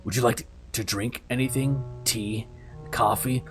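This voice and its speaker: A guarded elderly widow with a deep, low-set voice, as a man puts her on for a game. She speaks in terse, grudging sentences and keeps strangers at arm's length. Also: fairly even intonation, unhurried, over music, natural voice. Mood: cool. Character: wary, curt elderly widow woman. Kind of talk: voicing game dialogue.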